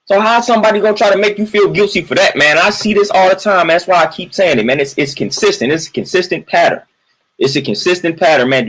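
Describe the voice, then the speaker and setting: A man's voice: high voice, a bit bright, rough recording. A man venting in a casual livestream monologue. He repeats his points emphatically, keeps tagging lines with "man" and greets viewers from the chat in between. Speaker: livestream host.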